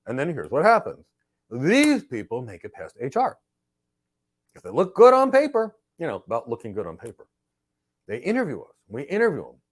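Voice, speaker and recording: A middle-aged man hosting a live career Q&A, telling stories in an emphatic, animated way. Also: medium pitch, moderate pace. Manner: emphatic, animated storyteller who acts out exchanges. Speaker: host and cloud career trainer. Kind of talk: live Q&A with storytelling.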